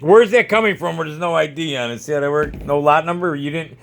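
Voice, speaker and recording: Gravelly man ranting sarcastically. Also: a little high, fast talker, fairly bright tone. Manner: sarcastic, ranting, swearing often; keeps repeating "see how that works". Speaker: vlogger. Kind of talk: casual vlog, checking jars at home. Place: home storage area.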